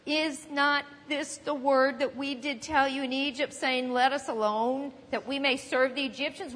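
High husky lady preacher, chatty teaching sermon, long echo like a big hall. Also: steady tone, moderate pace, few pauses, a bit bright. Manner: conversational teaching, acts out panicked crowd voices.

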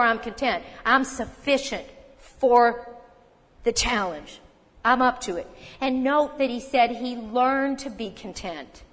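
A woman preaching a sermon, talking earnestly and emphatically, often asking the listeners rhetorical questions. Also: on the high side. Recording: long reverb from a hall.

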